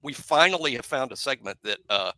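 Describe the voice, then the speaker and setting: A man co-hosting a casual sports podcast, playful and self-mocking, slowly spelling out names. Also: mid-range voice, expressive, sharp tone, no room sound. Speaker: podcast co-host.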